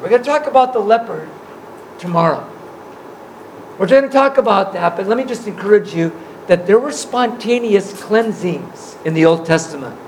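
A preacher in the middle of a sermon, retelling scripture in loose, slangy everyday talk and slipping into the voices of the people in the story. The voice sits at an ordinary middle pitch, with a faint hiss of noise behind it. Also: expressive, moderate pace, darkish tone, low-quality recording. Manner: casual, slangy storytelling that acts out the scripture scenes.

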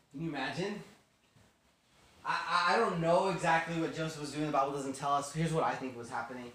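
A man teaching a Bible lesson in an animated storytelling way, often asking his listeners questions. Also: a little high, a little fast, a little hiss or hum. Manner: animated, asks the class questions. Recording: echoey room, distant mic.

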